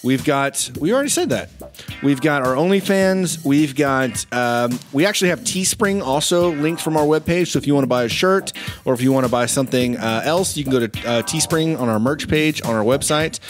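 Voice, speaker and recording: A man's voice: medium pitch, expressive, brisk, faint music behind. A man hosting a casual podcast, rambling through a sign-off with many fillers. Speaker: podcast host.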